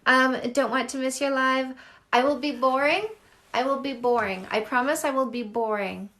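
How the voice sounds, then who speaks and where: This is a high-pitched woman's voice, steady and fairly bright in tone. A middle-aged Canadian dating coach, she hosts a phone live stream, chatting casually and gushing effusively over viewer comments at a quick, chatty clip.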